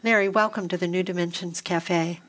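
A woman hosting a radio interview, asking her questions in a measured way and laughing along with her guest. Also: lowish voice, steady tone, fairly bright tone. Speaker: radio host.

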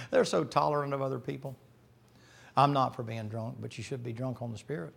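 A middle-aged man preaching a folksy, joking sermon that climbs to loud, shouting peaks. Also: mid-range voice, steady tone, moderate pace, gravelly. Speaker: pastor.

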